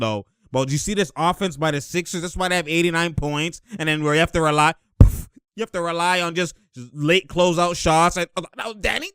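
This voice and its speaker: A man hosting a casual breakdown of game footage, excitable and slangy, laughing often as he talks through plays. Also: a little high, smooth, no room sound, clean studio sound. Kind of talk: casual play-by-play film breakdown.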